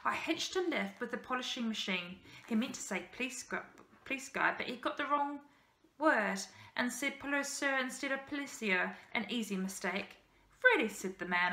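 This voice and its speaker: A woman teacher reading a children's novel aloud in steady storybook narration, with small slips. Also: medium pitch, moderate pace. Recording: roomy echo.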